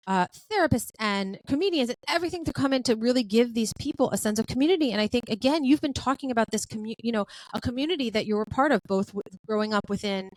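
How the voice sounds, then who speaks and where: A woman's voice: on the high side, dry recording, poor audio. A woman hosting a podcast interview, talking in a chatty way with many fillers and restarts. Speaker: podcast host. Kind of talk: casual interview chat.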